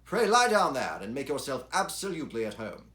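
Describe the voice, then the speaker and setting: A courteous, composed detective, as a male reader puts him on, inviting his guest to rest with raised, kindly urging. It is a man's voice of middle pitch, lifted a little above the narration. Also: sing-song, a little fast, bright, forceful tone, reverberant.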